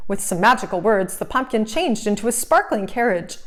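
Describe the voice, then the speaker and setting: Gentle woman reading a children's story. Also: mid-range voice, expressive, fairly quick. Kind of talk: children's read-aloud narration.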